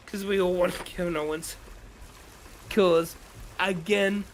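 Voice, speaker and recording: A man's voice: sits high, fairly even intonation, takes it slowly, slight background noise. A man chatting on a gaming stream, ranting with strong opinions and frequent swearing. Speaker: streamer co-host. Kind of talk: casual chat during a gaming stream.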